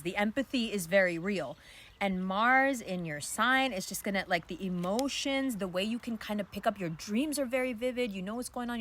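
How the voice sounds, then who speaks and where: Speaking outdoors, a woman gives a casual, candid astrology card reading, talking loosely with plenty of fillers and the occasional swear word. Her voice sits at medium pitch with a slightly bright quality.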